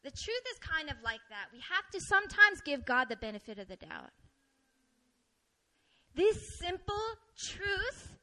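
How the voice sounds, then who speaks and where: A young adult woman giving a sermon, telling stories and acting out her own complaints in an animated way. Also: high-pitched, a little slow, poor audio. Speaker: preacher.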